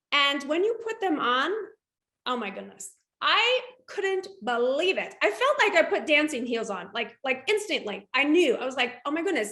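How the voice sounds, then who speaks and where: A woman in her forties tells a personal story in a casual interview. Her voice is high and bright, and she jumps into character voices for the quotes. The room is echoey. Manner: animated, acts out quotes with big pitch jumps. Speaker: guest, shoe boutique owner.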